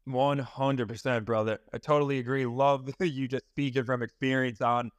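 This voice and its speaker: A man from Florida, a guest in a casual audio chat, easygoing and quick to agree. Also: mid-range voice, flat delivery, no echo, dull audio.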